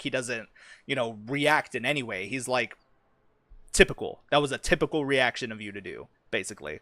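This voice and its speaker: Smooth-voiced man rambling on a stream. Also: mid-range voice, a bit bright, dry recording, clean studio sound. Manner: rambling, profane, many fillers. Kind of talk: casual worldbuilding talk on a stream.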